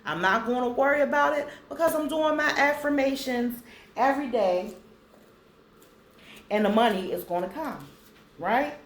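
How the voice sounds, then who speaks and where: A woman vlogger casually talking to viewers and slowly reading affirmations aloud so they can write them down. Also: a little high, expressive, roomy sound, a little hiss or hum. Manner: slow, deliberate reading for viewers to copy.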